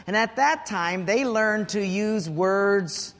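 A man preaching a sermon as pastor, telling stories in an animated, humorous way. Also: sits high, takes it slowly, in a large hall, a little hiss or hum.

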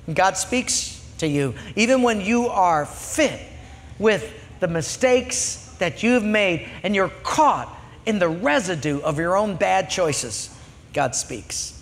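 Male pastor, high voice, animated sermon storytelling, church hall with long reverb. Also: slow pace.

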